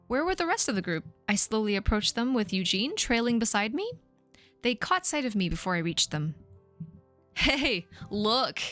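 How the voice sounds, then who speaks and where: A woman in her thirties on a live stream, reading her old fan fiction aloud with self-mocking asides and squeaky sound effects. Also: a bit bright. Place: home streaming setup.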